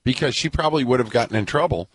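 A man's voice: mid-range voice, racing, husky, no echo. A man co-hosting a radio talk show, dropping in jokes and short interjections. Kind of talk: casual radio chat.

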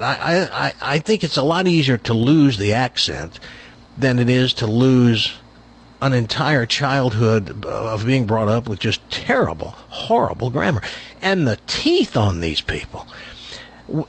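A husky older man with a faint trace of Tennessee in his speech chats with a host's ease. His voice swings up and down as he tells folksy stories. He stumbles and repeats himself as he starts each thought. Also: mid-range voice. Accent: faint Tennessee Southern. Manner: folksy storyteller, chuckles, repeats words when starting a thought. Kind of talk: casual chat.

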